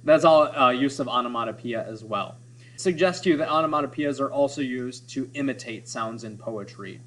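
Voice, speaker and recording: A man's voice: medium pitch, moderate pace, fairly bright tone. A man teaching a lesson on poetry, explaining and sounding out examples, often checking in with "right?". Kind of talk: classroom lecture on poetry.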